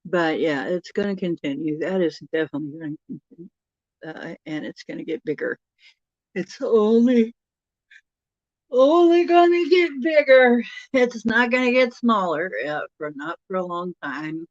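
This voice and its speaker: A woman's voice: deep voice, moderate pace, dry recording, muffled recording. A woman hosting a casual livestream, chatty and rambling, often laughing and correcting herself. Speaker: livestream host.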